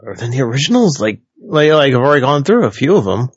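A man's voice: medium pitch, sing-song, fast, slightly rough, no echo. A man in casual chat, leaning heavily on fillers like "like" and restarting his sentences often. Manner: filler-heavy, many restarts. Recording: dull lo-fi sound.

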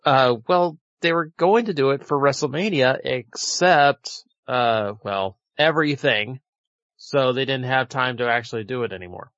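A man with a mid-pitched voice rambles wryly through a casual chat, often stopping to restart. His audio is dry and muffled, with a lo-fi quality. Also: moderate pace, a bit bright, dry recording. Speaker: podcast co-host. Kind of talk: casual wrestling prediction chat. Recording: dull lo-fi audio.

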